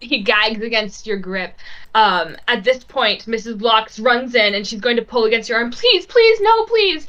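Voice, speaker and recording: Bright-voiced woman narrating as game master. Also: fairly high pitch, steady tone, highs cut off. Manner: descriptive, measured storytelling with soft fillers.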